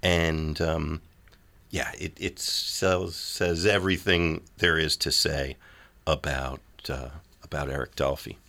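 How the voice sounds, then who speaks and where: A man's voice: rumbling low, fairly even intonation, slow, gravelly, bright, forceful tone. A man hosting a radio show, chatting casually with a guest in an easygoing way, with frequent fillers. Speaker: radio host. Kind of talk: casual on-air chat.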